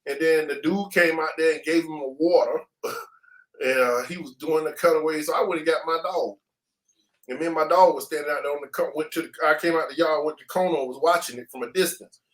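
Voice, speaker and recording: Speaking fast, a man with a high voice shares his story in a relaxed way while being interviewed. His language is animated and full of slang, and he imitates the sounds on his own.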